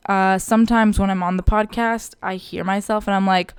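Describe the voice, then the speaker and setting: Chatty young woman, very crisp voice. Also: fairly even intonation, normal speed, no echo. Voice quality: high and bright, tinny and loud by her partner's account. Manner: chatty, rambling, playful with her voice. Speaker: podcast co-host. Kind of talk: casual chat. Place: home podcast setup, live-streamed. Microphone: podcast mic, close up.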